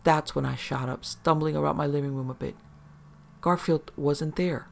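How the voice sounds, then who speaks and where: A man narrating a first-person horror story in a steady, measured way. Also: a little high, creaky.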